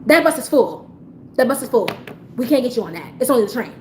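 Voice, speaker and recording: A woman's voice: fairly high pitch, lively intonation, fast talker, close to an everyday voice. A woman imitating a rude female train station agent who snaps at people and curtly repeats herself. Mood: snapping. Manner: curt and repetitive. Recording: echoey room with faint background noise.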